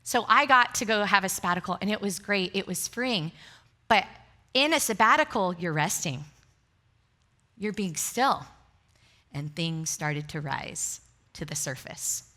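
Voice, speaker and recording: Bright-voiced woman pastor preaching. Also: mid-range voice, animated, unhurried, long pauses. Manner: candid, self-deprecating storytelling with frequent laughter. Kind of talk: sermon. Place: church sanctuary before a congregation.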